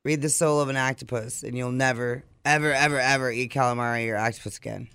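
A man's voice: medium pitch, fairly even intonation, quick pace, bright, forceful tone, smooth, no room sound, studio quality. A man co-hosting a morning show podcast, reading out odd news stories with sardonic asides. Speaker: co-host. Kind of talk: casual morning show banter.

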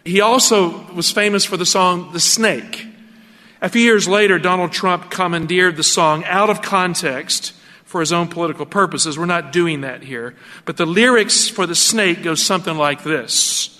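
Man, radio sermon, emphatic, rhetorical questions, high pitch, long reverb. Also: normal speed, pushed and bright. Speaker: radio preacher.

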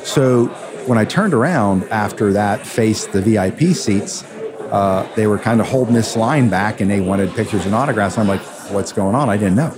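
Low-voiced guy telling stories at a busy event, crowd chatter behind, gets punchy and emphatic. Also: normal speed. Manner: animated, emphatic storyteller. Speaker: radio host and attorney, guest. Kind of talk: conversational storytelling interview.

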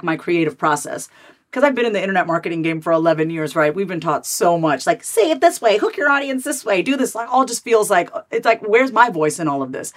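A woman in her thirties, a therapist and author, talking candidly as an interview guest in a fast, animated way, full of "like" fillers and repeated starts. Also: fairly low pitch.

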